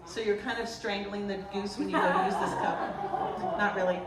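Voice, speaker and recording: A woman from the Boston area, a potter giving a humorous artist talk, telling stories in an animated, joking way. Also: mid-range voice, a little slow. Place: lecture room at a festival. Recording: roomy, distant mic, faint noise.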